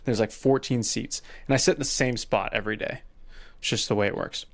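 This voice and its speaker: Mężczyzna opowiadający anegdotę w podcaście. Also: male voice, medium pitch, fairly quick. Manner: animated retelling, quoting people in his story. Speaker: podcast co-host. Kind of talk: casual storytelling chat.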